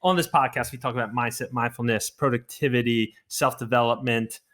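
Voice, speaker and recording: A man in his thirties co-hosting a podcast, talking in a relaxed, rambling way. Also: medium pitch, a little fast. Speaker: podcast co-host. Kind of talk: casual chat.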